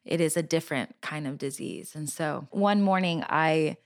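A middle-aged woman telling a personal faith story in conversation, earnest and animated, with many fillers and restarts. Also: sits low, moderate pace. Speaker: Christian singer sharing a testimony.

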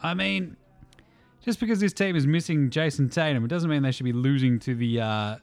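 A man's voice: on the high side, fairly quick, dry recording, soft background music. A man with an Australian accent hosting a casual, sweary, mocking basketball podcast. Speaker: podcast host. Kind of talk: casual sports chat.

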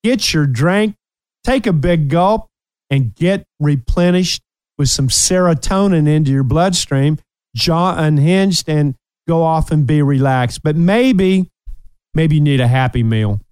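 A man's voice: on the high side, a little slow, darkish tone, smooth, no room sound. A man in his sixties hosting a casual talk show, upbeat and teasing. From United States. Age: 60s. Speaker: host. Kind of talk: casual chat.

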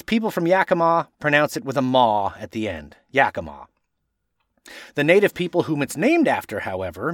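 Lively, fairly high-voiced male podcast host. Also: dry recording, clean studio sound. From Washington state, USA. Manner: playful, corrects pronunciations slowly letter by letter. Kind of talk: scripted podcast narration.

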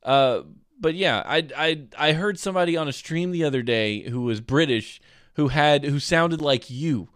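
A man's voice: a little high, normal speed, no room sound, studio quality. A man from South Alabama, chatting casually as a streamer and rambling through stories. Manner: rambling, animated storyteller. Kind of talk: casual chat.

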